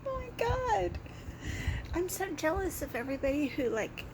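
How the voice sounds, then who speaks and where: A woman vlogging casually at home, hiccuping and giggling, hushing herself so she won't wake others. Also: extremely high pitch, very animated, a little slow, gravelly, a little hiss or hum, rough recording. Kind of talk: casual self-filmed vlog. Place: indoors at home while others sleep.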